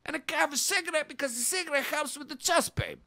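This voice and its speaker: A man playing a loud, boastful, middle-aged Greek immigrant dad with a Greek accent and broken English, ranting as a comedy podcast host. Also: extremely high pitch, fast, no echo, studio quality, full character voice. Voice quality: brash, shouty, broken English. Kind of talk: comedic character monologue.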